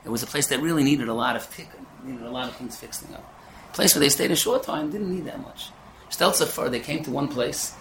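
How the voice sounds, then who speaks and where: A man's voice: medium pitch, fairly quick, a little hiss or hum. A man giving a Torah lecture, telling stories with words mixed in. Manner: animated storytelling peppered with Yiddish. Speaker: yeshiva lecturer. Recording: echoey room with faint ambience.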